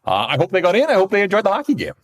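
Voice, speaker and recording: A man co-hosts a hockey podcast as a hockey reporter, chatting casually and telling stories while laughing often. His voice sits high, swings widely in pitch, and races along.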